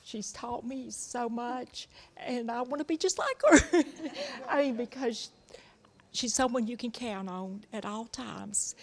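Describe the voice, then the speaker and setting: A woman giving a heartfelt tribute to her best friend, speaking haltingly. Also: fairly high pitch. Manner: halting, emotional. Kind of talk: emotional spoken tribute.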